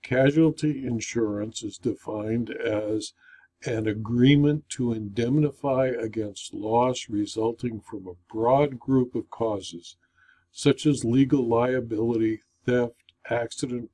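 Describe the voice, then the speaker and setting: A man lectures in a slow, unhurried cadence. His voice is mellow and warm, and he reads formal explanatory material in a measured, deliberate style. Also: medium pitch. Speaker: insurance claims consultant.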